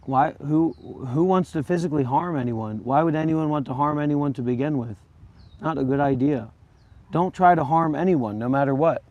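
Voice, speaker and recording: A man's voice: fairly high pitch, moderate pace, darkish tone, no room sound, dull audio. A man hosting a livestream, talking bluntly and combatively straight at his viewers. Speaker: livestream host and former monk. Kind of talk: unscripted livestream talk.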